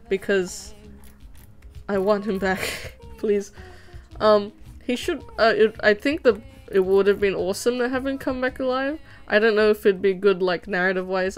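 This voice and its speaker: A young woman streaming as she animates, chatting casually in a rambling, excitable way and laughing often. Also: medium pitch, clear, resonant tone. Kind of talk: casual chat while drawing on stream.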